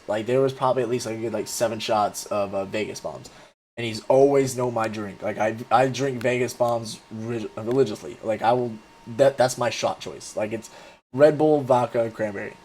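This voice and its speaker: A man's voice: mid-range voice, darkish tone, slight background noise. Man, twenties, casual storyteller; rambling and profane, full of fillers. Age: 20s. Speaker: vlogger.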